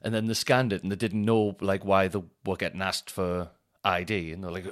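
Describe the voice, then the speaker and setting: Male podcast host, lowish voice, rambling sweary anecdotes that he laughs through. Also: flat delivery, a little fast. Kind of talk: casual storytelling monologue.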